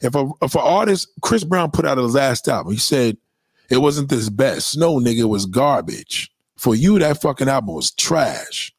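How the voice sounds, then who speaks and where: A man's voice: mid-range voice, big pitch swings, normal speed, vocal fry, few pauses, breathy edge, dry recording. A man giving blunt, profane opinions in a casual, emphatic rant, often repeating himself. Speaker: commentator.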